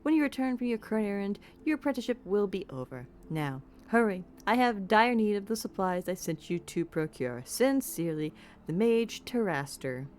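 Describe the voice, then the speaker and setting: A woman's voice: medium pitch, sing-song, moderate pace, darkish tone, slight background noise, close to an everyday voice. Haughty male mage with a Southern drawl voiced by a woman, condescending. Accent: American Southern. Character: haughty male mage dismissing his apprentice.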